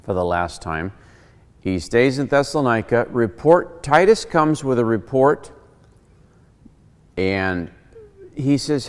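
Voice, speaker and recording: A man's voice: mid-range voice, takes it slowly, long pauses, clean tone, in a large hall. A man hosting a casual Bible teaching show, joking and acting out quotes as he explains. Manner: animated, joking, acts out quotes.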